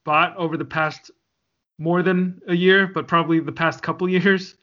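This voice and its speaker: A man co-hosts a casual podcast, rambling between jokes with a bright, somewhat tense tone. His voice sits a little high, and the recording sounds dull and lo-fi. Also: steady tone, normal speed. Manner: rambling, jokey, laughs often. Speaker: podcast co-host. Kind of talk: casual chat.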